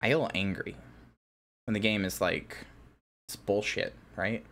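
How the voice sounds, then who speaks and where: A woman streamer chatting with her viewers, excitable and giggly, swearing a lot and bursting into shouts. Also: extremely low pitch, normal speed. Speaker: VTuber streamer. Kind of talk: casual live-stream chat with viewers.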